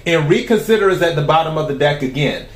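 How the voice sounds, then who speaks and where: A man giving a tarot reading to his viewers. He talks in a calm, even way and asks the cards the same question again and again. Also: a little high, quick pace, echoey room. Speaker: tarot reader.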